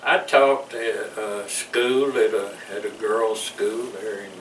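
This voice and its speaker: Chuckling and frequently starting over, an older Southern man from the American South tells rambling stories about his time in the military for an oral-history interview. He speaks slowly at a fairly low pitch, and the audio is noisy and echoey, captured from a distant microphone.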